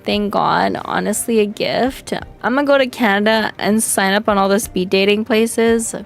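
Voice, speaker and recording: A young woman hosts a casual livestream and talks straight to her chat. She is blunt and crude, mocks herself and laughs often. Her pitch sits in the middle. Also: normal speed, vocal fry. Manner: frank, crude, laughing, self-mocking. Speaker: vtuber streamer.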